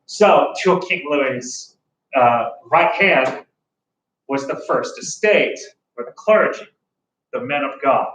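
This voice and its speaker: A man's voice: medium pitch, animated, slow, a bit bright, distant mic. A man teaching a history class in a conversational way, now and then acting out the voices of ordinary people. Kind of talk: classroom lecture. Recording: echoey room, speaker off-mic, faint room noise.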